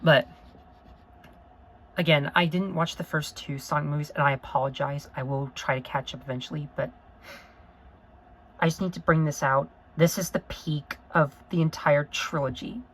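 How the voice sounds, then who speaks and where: A woman's voice: low-pitched, steady tone, moderate pace, poor audio. A woman talking to camera in an unscripted review vlog, earnest and rambling, gushing with emotion and often apologizing. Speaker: vlogger.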